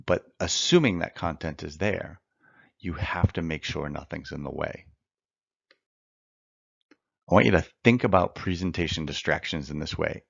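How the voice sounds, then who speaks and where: A man with a very low, gravelly voice teaches mock trial in a recorded lecture. He is earnest and emphatic, repeating phrases for effect and pacing himself deliberately. The sound is dry and a little dull. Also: no room sound. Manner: works to slow down a fast natural pace.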